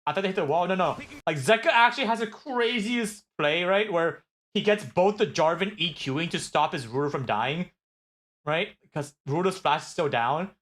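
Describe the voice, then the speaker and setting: Excitable male streamer, high voice, rambling casual match breakdown. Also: normal speed. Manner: excitable, rambling with many filler words. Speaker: streamer reviewing esports matches. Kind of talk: casual game analysis.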